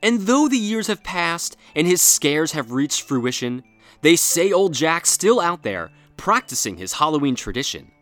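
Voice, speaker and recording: A man narrating a rhyming Halloween story in a playful, expressive storybook style. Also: fairly high pitch, measured pace, faint music behind.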